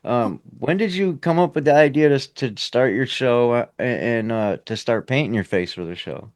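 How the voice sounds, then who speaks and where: Smooth-voiced man hosting a podcast. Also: mid-range voice, lively intonation, normal speed, no echo. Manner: supportive, calls people man. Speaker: podcast host. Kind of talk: casual interview chat.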